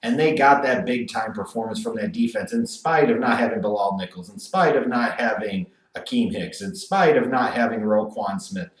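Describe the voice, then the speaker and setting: A man talking through a football game preview with animated energy and crude sarcastic asides. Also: lowish voice, normal speed, hardly any pauses, recorded from a distance. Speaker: sports commentator. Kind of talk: solo football preview video. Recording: roomy echo, off from the mic.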